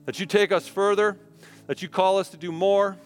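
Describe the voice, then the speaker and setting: A man's voice: high-pitched, steady tone, moderate pace, smooth, faint music behind. A man in his thirties preaching a sermon to his church, earnest and conversational, telling personal family stories. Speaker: pastor. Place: church sanctuary. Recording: long reverb in a church hall.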